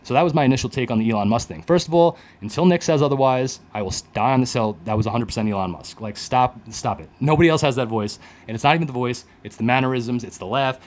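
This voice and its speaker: Male streamer, casual rant, rambling and mocking delivery, average pitch. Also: quick pace, few pauses. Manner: rambling, animated, mocking, many restarts.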